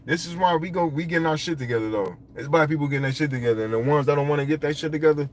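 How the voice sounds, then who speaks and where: A man's voice: a little high, racing. Rambling, profane casual male vlogger. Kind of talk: casual monologue.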